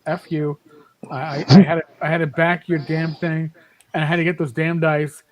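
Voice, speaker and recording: High-voiced emphatic man in his fifties. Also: level tone, moderate pace, a little hiss or hum, rough recording. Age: 50s. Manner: emphatic, rambling with many restarts. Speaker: podcast panelist. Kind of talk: casual panel chat.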